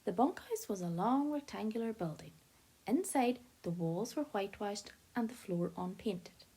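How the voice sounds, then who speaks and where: A woman's voice: mid-range voice, animated, warm tone, breathy edge. A woman voicing a patient elderly grandfather. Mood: reading aloud. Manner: careful, slightly formal phrasing, reading slowly aloud.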